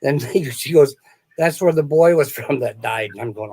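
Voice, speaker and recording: A man's voice: mid-range voice, moderate pace, warm tone, slightly rough. A man who is a sales author, a guest in a casual interview, telling stories in a rambling way, often laughing and restarting his sentences. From small-town American Midwest.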